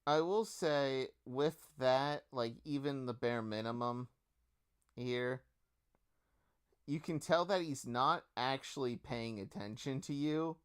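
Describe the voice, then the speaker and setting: A man runs a tabletop game, narrating the action and calling for rolls. He talks slowly and easily, with plenty of filler words, in a smooth, clear voice. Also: medium pitch. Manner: easygoing, with many filler words. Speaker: game master.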